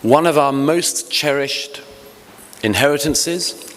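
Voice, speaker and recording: A man's voice: a little high, slow, fairly bright tone. British man speaking in an echoey hall. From Britain. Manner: earnest, hesitant restarts, wry humor. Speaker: panel speaker. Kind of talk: conference speech. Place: large hotel conference hall. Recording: echoey hall, faint ambience.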